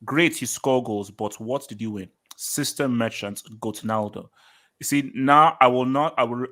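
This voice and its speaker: An animated British man hosting a football talk stream and arguing with his chat. His voice has a bright, forceful edge, and he hammers his points home by repeating them. He speaks at an ordinary, mid-range pitch. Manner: emphatic, argumentative, repeats points for effect. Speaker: host of a football show reading live chat.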